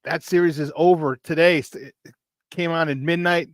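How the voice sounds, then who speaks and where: Male morning sports talk host, hypey, slightly high voice. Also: moderate pace, no echo. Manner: animated, hypey, laughs often.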